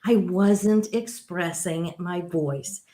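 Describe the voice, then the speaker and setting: Deep-voiced woman host, roomy sound. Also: extremely slow, slight background noise. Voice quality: deep, rich tone. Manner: warmly affirming, reflective. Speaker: podcast host. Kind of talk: conversational interview. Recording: roomy echo.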